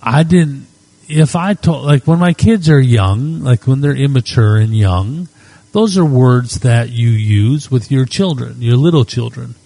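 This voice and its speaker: A middle-aged male pastor speaks slowly in a warm, mellow voice, letting his words settle. He prays quietly and then tells stories in an unhurried, reflective way. The sound is dry and close, with little room echo. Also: mid-range voice, creaky. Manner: unhurried, reflective storytelling with soft prayerful asides. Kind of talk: sermon with spoken prayer.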